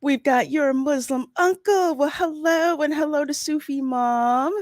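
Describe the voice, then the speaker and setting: A woman's voice: high-pitched, a little slow, darkish tone, dry recording, studio quality. A woman from Philadelphia hosting a livestream podcast, bubbly and laughing often as she greets the chat. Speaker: podcast host.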